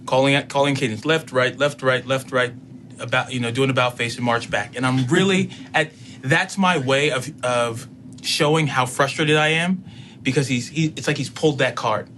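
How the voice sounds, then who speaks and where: Man telling a story with faint noise. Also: mid-range voice. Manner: animated storyteller who acts out both sides of a conversation. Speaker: guest telling a personal story. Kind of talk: casual spoken storytelling.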